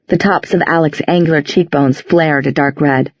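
A woman narrating an audiobook in a measured storytelling voice. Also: low voice, fairly even intonation, no echo, highs cut off. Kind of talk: audiobook reading.

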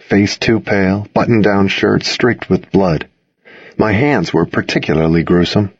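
Deep husky guy reading a story in first person, slightly dull muffled recording. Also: no echo. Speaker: audiobook narrator. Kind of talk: first-person scripted narration.

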